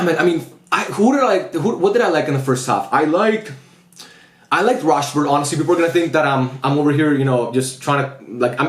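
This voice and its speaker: Man, football fan host, rapid chatty reaction, excitable, echoey room. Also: medium pitch. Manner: excitable, chatty, lots of slang fillers. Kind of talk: casual post-match reaction.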